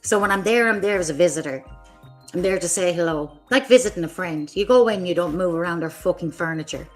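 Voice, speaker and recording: A woman's voice: fairly low pitch, fairly quick, faint music behind. A woman hosting her own livestream, delivering an angry, profane, confrontational rant at other creators. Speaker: streamer host.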